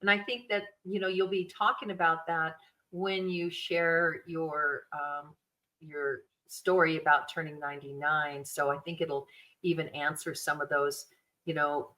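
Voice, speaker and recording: Bright, chatty woman host. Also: deep voice, level tone, normal speed, rough recording. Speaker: podcast host. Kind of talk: casual chat.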